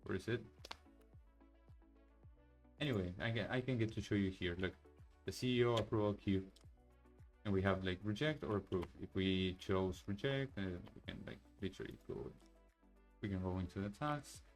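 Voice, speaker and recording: A man with a lowish voice demos his software over a screen share. He thinks aloud, restarting sentences and dropping fillers as he clicks around. Faint music plays underneath. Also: animated, normal speed, pauses often, low-quality recording. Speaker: software developer demoing his project. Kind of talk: casual screen-share walkthrough.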